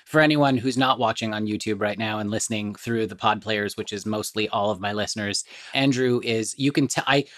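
A man's voice: lowish voice, brisk, few pauses, a bit bright. A middle-aged man hosting a self-improvement podcast, speaking in an upbeat, motivational and chatty way. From United States. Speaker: podcast host. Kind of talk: podcast intro and interview.

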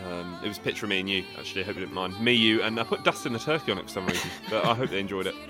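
A man's voice: deep voice, very fast, music in the background. A man co-hosting a podcast, making wry, joking asides. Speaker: podcast co-host. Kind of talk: casual podcast chat.

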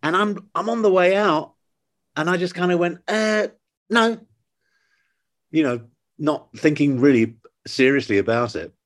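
An older man, an actor guest, telling stories in lively conversation and acting out the voices of the people in them. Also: a little high, normal speed. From England. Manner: animated anecdotes, acting out quoted voices. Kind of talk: conversational storytelling.

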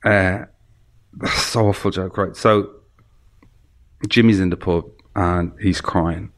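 A man's voice: low-pitched, steady tone, slow. Irish man, podcast guest, rambling, hesitant, filler-heavy, studio. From Ireland. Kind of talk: casual chat. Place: recording studio.

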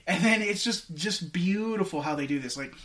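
A man's voice: high voice, normal speed. A man casually talking through a film scene with lots of fillers and restarts. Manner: rambling, animated retelling with many fillers. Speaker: podcast co-host. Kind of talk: casual movie discussion.

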